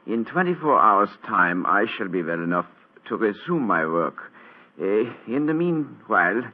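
Brief: a wounded German count, low husky voice with a lively pitch, German accent, halting, on a tinny old radio broadcast. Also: male voice. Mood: weak, urgent. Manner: halting, with many hesitations. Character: injured German count, weak, formal, grave. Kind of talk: 1940s radio acting.

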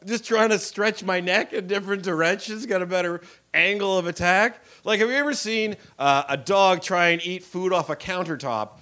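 High-pitched, bright and forceful, a young man's voice runs at normal speed with few pauses. He is a stand-up comedian doing a crude, self-mocking set at a comedy club with a live audience, acting out voices in his storytelling.

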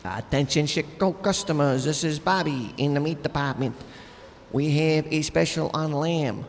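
A man's voice: on the high side, moderate pace, slight background noise, lightly acted. A man voicing an overeager meat-department clerk who makes a hammy, repetitive announcement over the store intercom in a comedy skit. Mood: eager.

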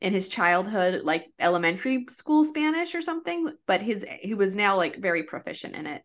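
A woman's voice: mid-range voice, big pitch swings, brisk. A woman hosting a podcast, chatting casually and telling cases in a loose, rambling way. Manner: chatty, lots of "like" and restarts. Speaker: podcast host. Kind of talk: casual chat.

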